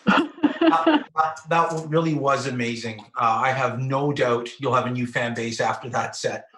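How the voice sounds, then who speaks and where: A man's voice: mid-range voice, steady tone, moderate pace, bright, forceful tone. A man hosting a livestream, casually and enthusiastically praising a guest's set. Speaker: livestream host. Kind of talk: casual chat. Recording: roomy echo.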